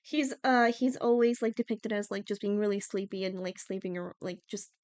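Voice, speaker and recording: A woman's voice: medium pitch, normal speed, darkish tone, clear, resonant tone, no room sound. A young woman from Iceland chatting casually on a livestream, giggling often and using lots of fillers.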